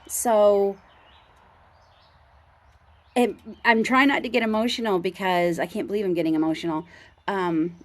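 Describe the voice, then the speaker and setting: A middle-aged woman from Canada, talking earnestly outdoors at her home as a homestead vlogger, rambling with many ums and restarts. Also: medium pitch. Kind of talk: casual heartfelt talk to camera.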